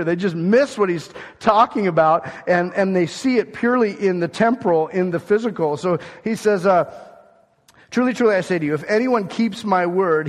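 A man preaching a Bible sermon, animated and conversational, often acting out the people he quotes. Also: a little high, long reverb tail. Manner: animated, acts out quoted speakers.

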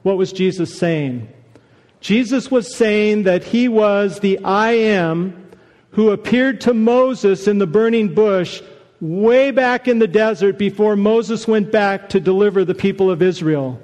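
Man, pastor, sermon, high voice, conversational and animated, long hall reverb. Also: unhurried. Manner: conversational, animated preaching with asides.

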